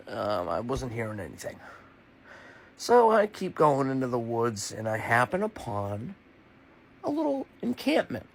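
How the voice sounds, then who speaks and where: A man's voice: mid-range voice, huge pitch swings, moderate pace. A man telling a rambling, improvised comic story off the cuff. He swears freely, mocks himself and laughs between lines.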